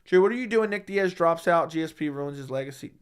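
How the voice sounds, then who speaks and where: A man's voice: on the high side, animated, quick pace, clean tone. Blunt, profane man chatting on a livestream. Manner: blunt and profane, talks back to chat. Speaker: livestream host reading viewer comments. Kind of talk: casual livestream chat. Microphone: studio microphone at a desk.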